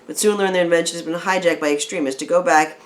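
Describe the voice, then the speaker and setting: A woman reviewing a film in casual chat, rambling and animated, with many restarts, at home. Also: fairly low pitch, fast talker. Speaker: video reviewer. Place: home room with a film playing on the TV.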